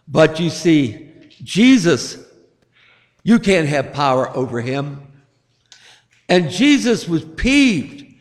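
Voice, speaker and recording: A man's voice: on the high side, sing-song, slow pace, pauses often. A male pastor giving a sermon, telling stories and acting out voices with rising emphasis. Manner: storytelling preacher, acts out voices with rising emphasis. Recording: long hall reverb.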